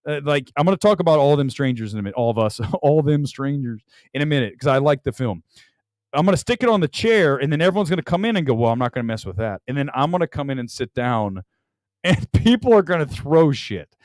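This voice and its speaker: Animated chatty man hosting a movie show. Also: fairly high pitch, quick pace, no room sound, clean studio sound. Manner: animated, rambling, laughs a lot. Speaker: host. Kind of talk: casual movie talk livestream.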